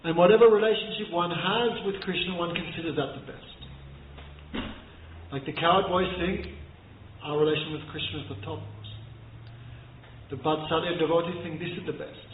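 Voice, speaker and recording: A man gives a scripture class in a fairly high voice, moving between storytelling and chanted verses. The sound is thin and phone-like, with a roomy echo and faint noise behind him. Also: steady tone, fairly quick. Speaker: spiritual teacher. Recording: echoey room over thin phone-like line.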